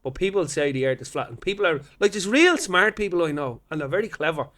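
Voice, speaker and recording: Irish male comic, fairly high and very lively pitch, rambling sweary chat with quick impressions. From Ireland. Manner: rambling, swears freely, mimics how people talk. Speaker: comedian guest. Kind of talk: casual podcast chat.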